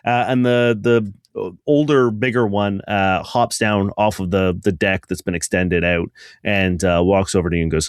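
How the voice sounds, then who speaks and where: A man's voice: lowish voice, fairly even intonation, moderate pace, clean tone, no room sound. Male game master, rambling, dry studio sound. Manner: rambling, full of fillers. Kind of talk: narrating a tabletop game.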